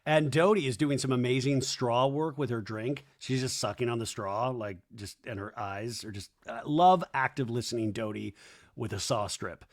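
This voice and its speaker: A man's voice: mid-range voice, moderate pace. Sarcastic chatty man recapping a show. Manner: chatty and sarcastic, quoting cast members in mock voices. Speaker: podcast host recapping a reality show. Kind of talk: casual recap commentary.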